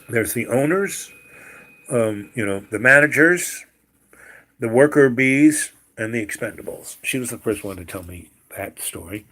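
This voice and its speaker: A man in his sixties telling a rambling personal story, full of pauses, "um"s and "you know"s, often trailing off quietly. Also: mid-range voice. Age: 60s. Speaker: storyteller host.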